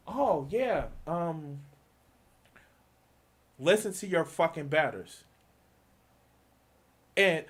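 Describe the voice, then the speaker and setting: A man rants on a live stream, heated and profane, circling back on his own words as he builds up steam. His voice sits a touch high and swings widely up and down as he presses each point. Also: animated, measured pace, long pauses. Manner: heated, swearing, repeats himself, mocking quoted voices. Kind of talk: profane political rant.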